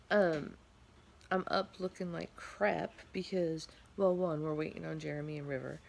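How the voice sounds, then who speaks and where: Tired, gravelly-voiced woman vlogging. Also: low voice, moderate pace, a little hiss or hum. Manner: rambling, animated storytelling with many fillers. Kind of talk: casual storytelling vlog. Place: home.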